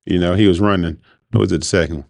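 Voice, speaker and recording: A man with a low, creaky, slightly mellow voice hosts a show, racing through a rambling, informal monologue while keeping his tone steady. It's a casual podcast talk recorded dry in studio quality.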